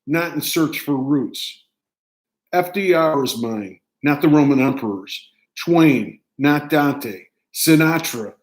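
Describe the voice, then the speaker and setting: Older American man, somewhat high voice, reads his own essay in clipped, deliberate phrases. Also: darkish tone. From United States. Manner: measured, declamatory reading in short phrases. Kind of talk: reading a personal essay aloud.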